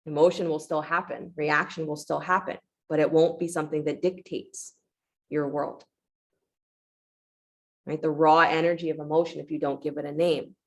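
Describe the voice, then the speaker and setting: Yoga teacher, woman: low-pitched, a little gravelly, calm encouraging cues and reflective talk. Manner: calm, encouraging cueing with short commands; reflective storytelling about letting go. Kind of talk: guided yoga class instruction.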